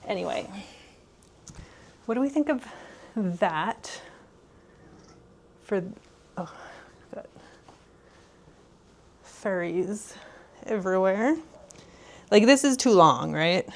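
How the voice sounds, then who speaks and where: A woman's voice: mid-range voice, lively intonation, very slow, vocal fry, long pauses, slight background noise. A young woman chatting casually in a home vlog, rambling and laughing often. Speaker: vlogger. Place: home room.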